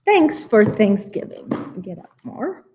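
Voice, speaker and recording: A woman reading a rhyming picture book aloud for a library storytime, playful and expressive, with asides about the pages. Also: medium pitch, slow, background noise.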